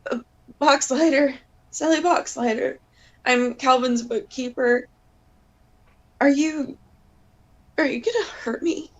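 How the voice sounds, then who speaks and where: A woman playing a frightened high-voiced bookkeeper. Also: slow, highs cut off.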